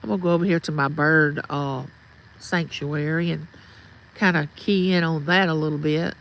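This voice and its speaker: Speaking at a normal pace, this woman has a low-pitched voice with fairly even intonation and a fairly bright tone, captured on a low-quality recording. She's a middle-aged Mississippian with a Southern accent, livestreaming casually from outdoors at her home and calling out viewers by name.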